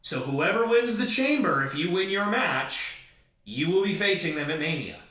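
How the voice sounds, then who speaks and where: A man's voice: high voice, expressive, normal speed, bright, forceful tone. A man playing a firm wrestling boss. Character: calm male wrestling authority figure. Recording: roomy echo, far from mic.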